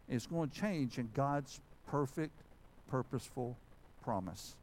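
A man, preaching a sermon in a church sanctuary and telling a story in a folksy, animated way. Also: mid-range voice, unhurried, a little hiss or hum, low-quality recording. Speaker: pastor.

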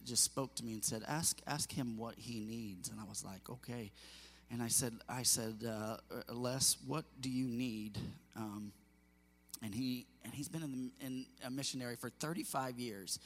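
Earnest pastor preaching in a reverberant church. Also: male voice, mid-range voice. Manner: earnest, emotional, repeats words and restarts often. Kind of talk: sermon. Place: church sanctuary. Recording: long hall reverb.

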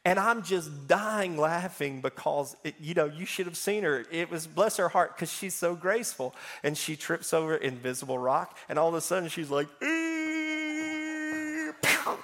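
Animated preacher man. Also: fairly high pitch, moderate pace, hardly any pauses. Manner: animated storytelling, swings between loud and soft. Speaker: pastor. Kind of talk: sermon with personal stories.

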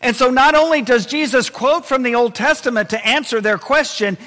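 A man preaching a sermon in a high, bright voice, moving between loud emphasis and quiet intensity. His words ring out with a long reverb, as in a church hall. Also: moderate pace. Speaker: pastor.

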